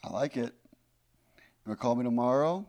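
A man's voice: mid-range voice, fairly quick, darkish tone. Easygoing male comedian chatting on a podcast. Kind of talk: casual podcast chat.

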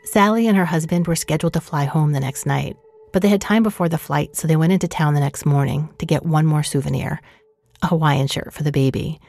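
A woman narrating a story in a calm, measured voice. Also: low-pitched, gravelly, no room sound. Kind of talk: scripted narration.

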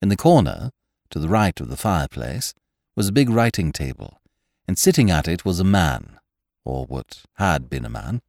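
A man narrating a story aloud in a measured, expressive way. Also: deep voice, no echo, clean studio sound. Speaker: audiobook narrator.

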